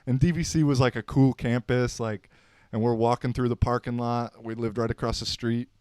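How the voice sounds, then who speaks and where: Male podcast host, 30s, relaxed slangy storyteller; smooth, clear voice in a dry room. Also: mid-range voice, moderate pace, no echo. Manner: laid-back, slangy, rambling with fillers. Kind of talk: unscripted casual storytelling.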